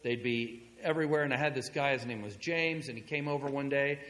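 A male pastor preaching a sermon in a conversational storytelling manner, moving between hushed asides and loud, excited passages. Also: mid-range voice, brisk, big-room sound.

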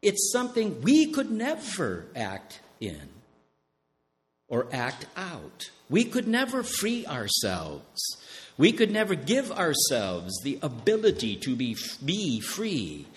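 A male pastor delivers a sermon in an unhurried, deliberate cadence, his pitch rising and plunging dramatically from phrase to phrase. He poses questions to the congregation and answers them himself, stretching out the words he wants to land. His voice carries a long reverb, as in a church sanctuary. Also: huge pitch swings. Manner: slows down and stresses key words.

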